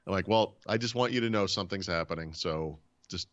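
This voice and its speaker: With a low voice and a slightly fast pace, this podcast host tells a story in a casual, animated way, voicing the characters and their quoted lines. The highs in the recording are cut off.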